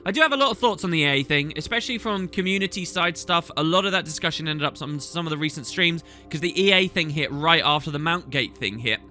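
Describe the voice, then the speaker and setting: A man's voice: fairly high pitch, expressive, quick pace, few pauses, bright, forceful tone, faint music behind. A man hosting a gaming channel, answering viewer questions in a chatty, rambling way as he thinks aloud. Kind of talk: casual Q&A chat.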